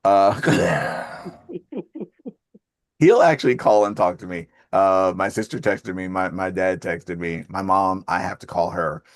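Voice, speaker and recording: A man's voice: deep voice, measured pace, no room sound. A man in his fifties hosting a group call, chatting casually in a rambling way and laughing often. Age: 50s. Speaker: host of an accountability call.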